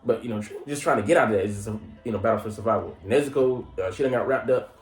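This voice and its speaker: A man giving a casual, slangy recap of an anime episode. He laughs often and jumps into high mock voices. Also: very fast. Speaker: anime reviewer. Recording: roomy echo with faint music.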